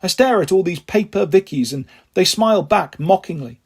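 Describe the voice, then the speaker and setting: A man reading a children's novel aloud in a steady first-person storytelling manner, with a husky voice. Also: high-pitched, normal speed. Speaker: audiobook reader.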